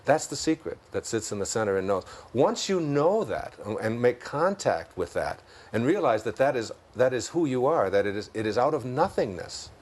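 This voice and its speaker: Speaking with a Detroit accent, a male interview guest tells stories while reflecting on spiritual ideas. He chuckles frequently and slows down to land key points, his medium-pitched voice sing-song with a darkish tone.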